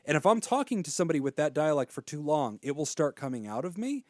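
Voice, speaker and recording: An American man hosting a studio podcast in casual, teasing chat, with a voice that bounces all over its range. He sits a little high for a man, close to the microphone in a dry room. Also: sing-song, fast talker, a little mellow, dry recording. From United States. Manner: enthusiastic, swearing, teasing. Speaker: podcast host.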